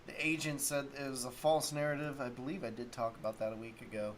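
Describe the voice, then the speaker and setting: A man's voice: medium pitch, flat delivery, quick pace, slight background noise. A man hosting a solo sports talk stream, rambling casually and thinking aloud while he looks up stats. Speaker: sports talk show host.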